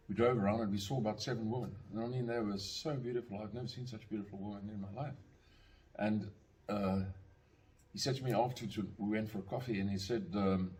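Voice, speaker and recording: An older man with a medium-pitched, somewhat dark voice tells a casual, meandering anecdote as a storyteller. His telling is packed with filler words, restarts and little chuckles.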